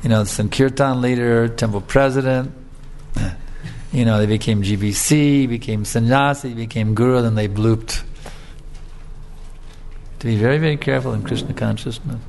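A man giving a sermon, telling a fable in a relaxed, conversational way with frequent filler tags. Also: medium pitch, moderate pace, long pauses, slight background noise. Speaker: preacher. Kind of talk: sermon with storytelling.

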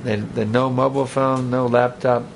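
A man's voice: medium pitch, level tone, moderate pace, vocal fry, a little hiss or hum. A man giving a spiritual talk to a live audience in a conversational, rambling way, with joking asides. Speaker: spiritual teacher. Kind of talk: sermon with audience banter.

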